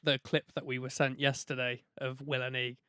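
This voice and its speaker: Relaxed man co-hosting a podcast. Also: mid-range voice, normal speed, clean tone, no room sound. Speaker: podcast co-host. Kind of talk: casual podcast chat.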